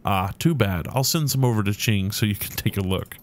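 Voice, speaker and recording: A crass, pushy dwarf producer , voiced by a man, talks in a rough put-on New York accent from a role-playing video game. His voice sits a little low, and he pushes every line like a sales pitch. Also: fairly quick, lightly acted. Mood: boastful. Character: rotund balding male dwarf film producer, pushy and crass.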